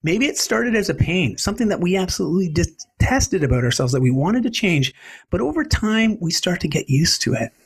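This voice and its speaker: A man in his forties talks as an interview guest with a husky edge and a pitch that sits a little high. He tells stories in an animated way, and his voice swings widely as he speaks. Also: a little fast. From Canada. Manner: animated, expressive storyteller. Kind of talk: conversational interview storytelling.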